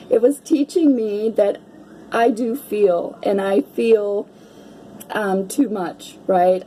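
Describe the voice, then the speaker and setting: Chatty female card reader, mellow tone, gushes and swears casually, faint background hiss. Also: medium pitch, rough recording. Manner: gushing, chatty, peppered with "right?" and mild swearing. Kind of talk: casual card-reading chat to viewers.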